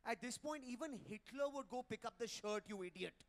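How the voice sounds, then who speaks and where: Male stand-up, high voice, teasing crowd work at a hotel ballroom event. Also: a little fast. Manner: brash, teasing, crowd-roasting. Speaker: stand-up comedian. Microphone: handheld mic.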